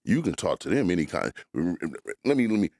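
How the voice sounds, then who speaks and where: A man's voice: deep voice, normal speed, gravelly, no room sound. A man riffing on a podcast in a studio, his mid-range voice swinging widely as he tells crude stories. The sound is close and dry, with no room behind it. He slips into acted-out quotes as he goes. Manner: animated, profane storytelling with acted-out quotes. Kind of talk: casual podcast banter.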